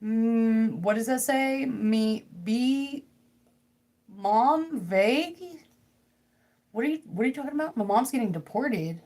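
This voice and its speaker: A woman's voice: fairly high pitch, expressive, slow, darkish tone. A young woman reading tarot on a casual livestream from home. She rambles and jokes while talking to her viewers. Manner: rambling, joking, talks to chat. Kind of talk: casual live tarot stream.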